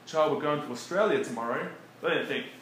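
A man preaching in a relaxed, conversational way, often chuckling between his points. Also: a little high, a little fast. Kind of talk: conversational sermon. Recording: echoey room with faint background noise.

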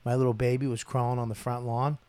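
Loud, profane New comedian. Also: male voice, medium pitch, fast. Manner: profane, animated, loud storyteller. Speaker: guest comedian. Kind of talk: casual storytelling.

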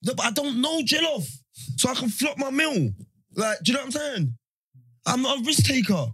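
A man, co-hosting a casual podcast and telling animated stories in slang. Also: very high-pitched, fairly quick, breathy edge, no echo. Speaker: podcast co-host. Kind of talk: casual banter.

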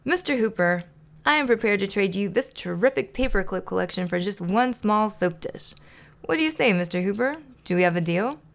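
A woman's voice: mid-range voice, animated, brisk, vocal fry. A woman voicing a fussy, formal male puppet who talks in an earnest way, in a storybook read-aloud.

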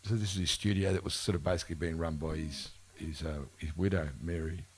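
Low-pitched and steady, a man speaks a little fast over slight background noise. He's a musician being interviewed at a bookshop event before a live audience, casually telling rambling stories, often correcting himself and laughing, captured as a live event recording.

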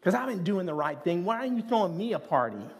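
A preacher voicing an indignant older son. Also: male voice, high-pitched, sing-song, quick pace, pitched above the performer's own voice. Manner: indignant, complaining. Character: resentful dutiful older son, adult man. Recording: long hall reverb.

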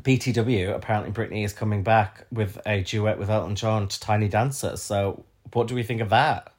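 A man co-hosting a podcast, trading playful, wry quips in casual chat. His voice sits somewhat low, and his delivery is relaxed. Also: a little fast. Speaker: podcast co-host.

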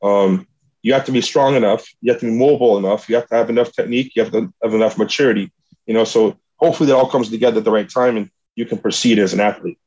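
Guy with a husky voice, rambling motivational story, kinda dull lo-fi sound. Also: fairly low pitch, fairly even intonation, quick pace, a little mellow. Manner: earnest, motivational, rambling retelling. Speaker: jiu-jitsu athlete. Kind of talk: casual storytelling. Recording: dull lo-fi recording.

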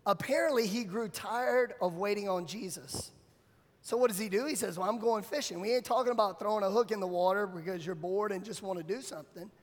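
A male pastor gives a sermon, telling the story in a lively, casual way. His voice sits high for a man. Long reverb from a large church hall trails each phrase. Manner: animated storytelling with casual slang.

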